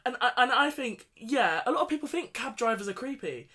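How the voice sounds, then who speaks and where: A woman's voice: a little high, fairly quick, crowd noise. A woman co-hosting a podcast, retelling an argument in casual sibling banter and laughing often. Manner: animated, laughs often, interrupts and retells events with quoted dialogue. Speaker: podcast co-host.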